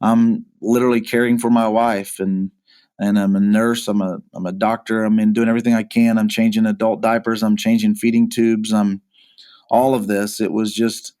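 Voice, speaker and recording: A pastor being interviewed, earnestly recounting a hard personal story, often halting and repeating words as he goes. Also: on the low side, little pitch movement, darkish tone, clear, resonant tone. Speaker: pastor, podcast guest.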